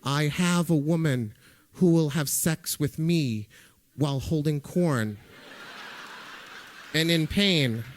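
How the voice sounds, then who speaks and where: A man's voice: fairly high pitch, takes it slowly, pauses often. A middle-aged man telling a first-person story live on stage into a microphone, with conversational delivery and dry comic timing. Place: music hall stage before a live audience.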